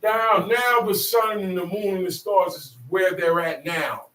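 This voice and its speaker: Guy preaching call and response, kinda high voice, far off from the mic, lots of echo. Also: measured pace, sharp tone. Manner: rhetorical questions, emphatic and colloquial. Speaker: street preacher. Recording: echoey, distant mic with faint ambient noise.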